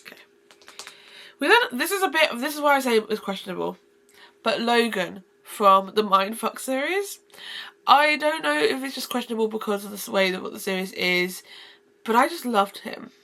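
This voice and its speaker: Casual woman book vlogger: effusive, rambling, fry-heavy delivery. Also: fairly high pitch, lively intonation, normal speed, bright, forceful tone. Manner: gushing and effusive, rambling with restarts. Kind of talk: casual book-review vlog.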